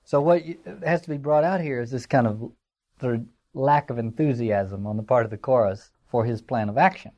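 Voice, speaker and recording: A man's voice: medium pitch, brisk, darkish tone, muffled recording. A man giving a classroom lecture in a conversational, digressive way, with fillers and wry asides. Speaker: teacher.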